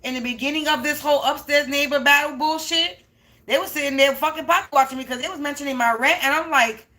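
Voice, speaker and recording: Bright, high-voiced woman ranting. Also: quick pace. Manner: profane, emphatic, repeats herself. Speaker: spiritual reader. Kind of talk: unscripted ranting monologue.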